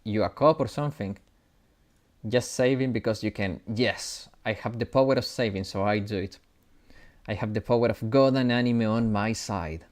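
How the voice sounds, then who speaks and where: A man's voice: on the low side, normal speed, darkish tone. A man chatting casually as he streams a game, laughing at himself and stumbling over his words. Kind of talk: live gaming commentary.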